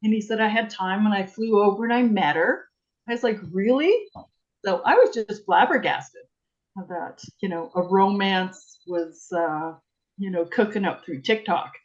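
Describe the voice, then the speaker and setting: A woman's voice: medium pitch, moderate pace. Chatty woman on a muffled video call. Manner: chatty, animated storytelling, acts out quotes. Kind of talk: casual chat.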